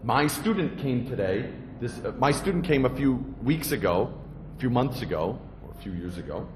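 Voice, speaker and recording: A man voicing a humble, persistent old male Zen master who pleads slowly and politely. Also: mid-range voice, lively intonation, a little hiss or hum, natural voice. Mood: apologetic. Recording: echoey hall.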